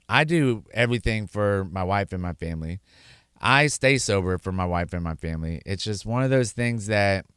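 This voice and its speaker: A middle-aged man speaks in a low, smooth voice, close and dry with no room sound. He talks candidly and earnestly, rambling and restarting sentences and slipping into little acted-out quotes. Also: no echo. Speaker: podcast host sharing his sobriety story. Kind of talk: candid personal monologue.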